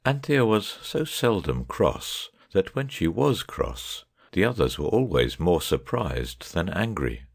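A man narrating an audiobook chapter in a measured, even way. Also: sits low, vocal fry, husky.

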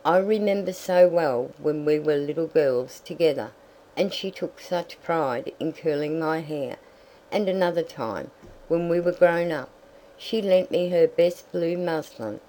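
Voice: medium pitch, measured pace, dark tone, a little hiss or hum, natural voice, low-quality recording. A reader voicing a stoic, plain-spoken farm mother in an audiobook, firm and direct. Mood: tender. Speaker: story character. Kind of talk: audiobook reading.

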